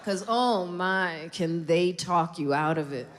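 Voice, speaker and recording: A woman doing a stand-up set in a comedy club, telling stories brashly and animatedly with big jumps in pitch. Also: slow pace. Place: comedy club stage with laughing audience. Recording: loud crowd laughter and noise.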